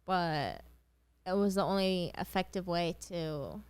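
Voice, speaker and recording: Slow-talking woman with a smooth, dry voice. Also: fairly low pitch, dry recording. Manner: laid-back, laughs often. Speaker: podcast co-host. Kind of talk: casual chat.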